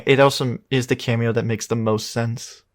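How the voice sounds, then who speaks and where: A man co-hosting a casual film review chat, excitable and quick to swear and laugh. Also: mid-range voice, no room sound, studio quality. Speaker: podcast co-host.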